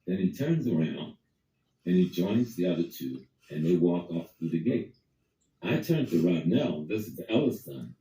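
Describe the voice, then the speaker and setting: A man's voice: deep voice, sing-song, moderate pace, warm tone, roomy sound, distant mic, low-quality recording. Older man telling a vivid story. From Harlem, New York. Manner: vivid, acts out quoted dialogue. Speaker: guest storyteller. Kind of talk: storytelling in conversation.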